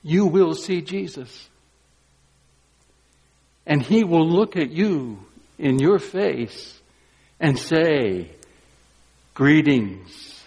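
A man preaching an Easter sermon as pastor, moving from quiet, deliberate emphasis to joyful exclamations. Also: fairly high pitch, lively intonation, husky. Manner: swings from quiet emphasis to exuberant exclamations, briefly sings. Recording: long hall reverb.

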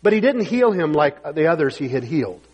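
Male pastor, husky and emphatic, preaching in a long-reverb hall. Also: on the high side, sing-song, fairly quick, a little mellow. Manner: emphatic preaching, reads scripture aloud. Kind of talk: sermon.

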